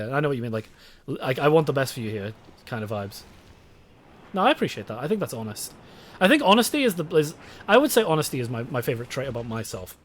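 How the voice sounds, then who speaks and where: A man's voice: mid-range voice, fairly bright tone, a little hiss or hum. A young British man streaming a game, chatting casually with his chat, swearing and rambling. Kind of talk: casual live-stream chat while gaming.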